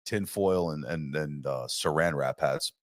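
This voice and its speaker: A man's voice: very deep voice, unhurried, dry recording, clean studio sound. A young man co-hosting a podcast in casual chat, swearing and laughing through crude banter. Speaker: podcast co-host.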